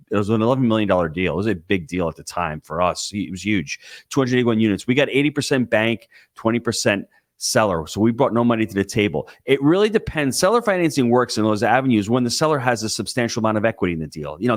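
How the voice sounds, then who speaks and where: Guy guest on a podcast, emphatic and pumped up, dry close sound, middle pitch. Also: dry recording. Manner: emphatic, excitable, coaching tone. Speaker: guest real estate investor. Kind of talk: podcast interview.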